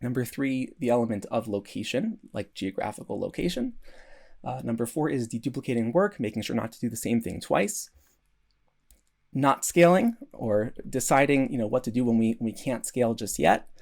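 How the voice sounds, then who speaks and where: A man's voice: medium pitch, lively intonation, normal speed, creaky, a little mellow. A man giving a recorded conference talk, earnest, with many restarts and fillers. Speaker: conference speaker.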